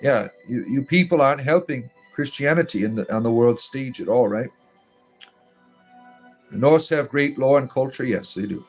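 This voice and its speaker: A man with a mid-range voice banters through a livestream chat, dry, mocking and irreverent. He speaks in a put-on lilting accent that sounds a little Irish. Soft music plays faintly behind him. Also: mid-range voice, moderate pace. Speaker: livestream host reading viewer chat.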